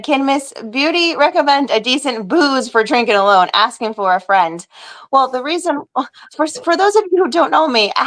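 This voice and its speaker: A woman guest on a casual livestream chat, chatty and giggly with quick asides. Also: a little high, fairly bright tone.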